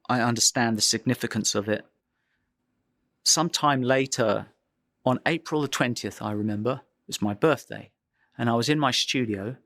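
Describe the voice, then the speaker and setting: A man, a photographer being interviewed, telling a personal anecdote in a vivid, dramatic way with pauses for effect. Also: medium pitch, fairly bright tone, no room sound, clean studio sound.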